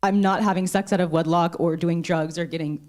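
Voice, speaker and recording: A woman's voice: fairly low pitch, steady tone, fairly quick, darkish tone. A woman in a church congregation asking the pastor a question, speaking hesitantly and rambling with many fillers.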